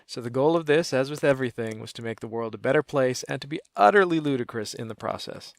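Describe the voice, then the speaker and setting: A man making a wry, self-mocking crowdfunding pitch, speaking in a deadpan way about his comedy business. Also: fast talker, vocal fry, no room sound. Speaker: comedian and small business owner.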